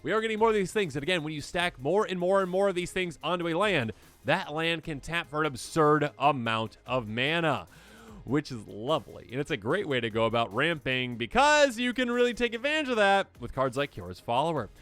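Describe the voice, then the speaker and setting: A man hosting an excitable card game deck overview, acting out players' reactions in squeaky voices. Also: fairly quick, faint music behind. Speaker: host.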